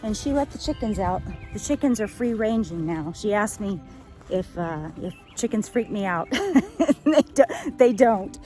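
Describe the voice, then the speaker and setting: Female vlogger, casual farm-tour chat over clear background music. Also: animated, unhurried, warm tone. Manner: high sing-song voice when talking to animals. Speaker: travel vlogger. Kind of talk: casual vlog narration. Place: outdoors on a small farm.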